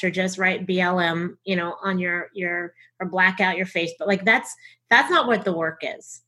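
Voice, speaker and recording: A woman's voice: medium pitch, fairly bright tone, slightly rough. A woman with a Southern American accent, a guest talking earnestly and reflectively in short phrases. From United States. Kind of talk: casual conversation.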